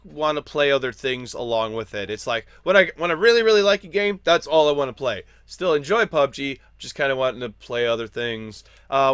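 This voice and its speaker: An American man hosts a gaming news show in a dry, close-miked recording. He moves from a scripted news read into loose, rambling chat that pokes fun at himself. His voice sits at an ordinary middle pitch. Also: clean tone, no room sound. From United States. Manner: lively, rambling and self-deprecating in casual parts.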